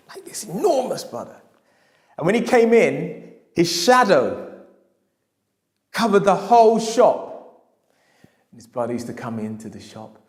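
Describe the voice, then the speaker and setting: A man, a historian telling a story in a lecture, emphatic and repeating his key phrases. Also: a little high. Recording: echoey hall.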